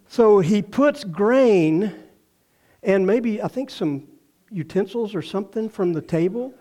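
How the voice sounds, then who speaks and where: An older man with a Texan drawl delivers a folksy sermon. His voice sits high for a man, and he breaks into playful acted voices and chuckles as he tells the story. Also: a little mellow. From Texas. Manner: folksy storytelling, acts out quoted voices, laughs often. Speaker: pastor.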